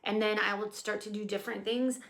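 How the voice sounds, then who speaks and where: A woman in her fifties chatting casually as she plans her day out loud, rambling and swearing now and then. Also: medium pitch, steady tone, a little fast, roomy sound. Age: 50s. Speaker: vlogger. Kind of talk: casual day-planning chat.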